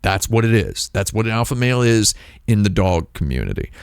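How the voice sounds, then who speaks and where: A man's voice: lowish voice, very animated, a little fast, creaky, clean tone, no echo, studio quality. A man hosting a stream, talking in a rambling, playful, jokey way with his mouth right on a dynamic microphone. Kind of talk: casual stream chat. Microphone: close dynamic microphone, mouth on foam.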